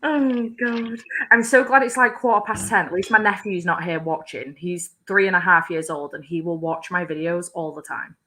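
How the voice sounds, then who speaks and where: Bright-voiced woman chatting. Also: on the low side, moderate pace, few pauses. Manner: animated, laughing, swearing. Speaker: booktube host. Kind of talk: casual chat.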